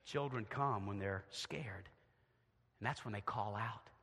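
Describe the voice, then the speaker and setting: A middle-aged man preaching a sermon as pastor in a church, moving from quiet, intimate asides to loud, shouted emphasis. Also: fairly low pitch, measured pace, breathy edge. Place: church sanctuary. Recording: long church reverb.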